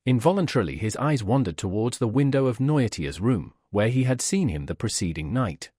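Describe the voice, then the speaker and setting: Husky male audiobook narrator. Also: medium pitch, very animated, a little fast, mellow, no echo, clean studio sound. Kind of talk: scripted narration of a classic novel.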